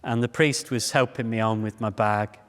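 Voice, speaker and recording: A man's voice: fairly low pitch, normal speed, clear, resonant tone. Man telling stories in an echoey hall. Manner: animated, self-deprecating storyteller. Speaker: speaker at a public talk. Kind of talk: humorous storytelling talk. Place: large hall before a live audience. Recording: echoey hall with long reverb.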